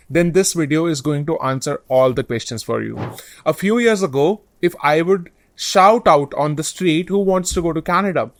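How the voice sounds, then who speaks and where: A man's voice: high-pitched, no echo, clean studio sound. A man hosting an advice channel, explaining study-abroad options earnestly and point by point. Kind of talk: direct-to-camera advice talk.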